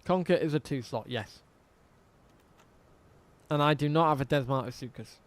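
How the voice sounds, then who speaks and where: A man's voice: fairly high pitch, moderate pace. A man streaming a dinosaur game, chatting casually with viewers, reading out chat and swearing often.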